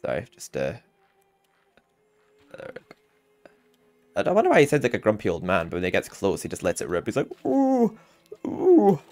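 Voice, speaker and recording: Over game music, a gaming channel host plays through a video game and comments casually, rambling, chatty, and often laughing. His voice is deep with wildly swooping pitch, and he talks briskly but leaves long pauses.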